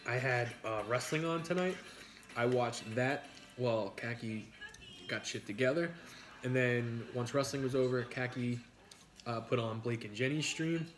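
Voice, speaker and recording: With a mid-range, unhurried voice and a little hiss or hum, a middle-aged man with a New York accent hosts a casual eating video, joking through rambling stories.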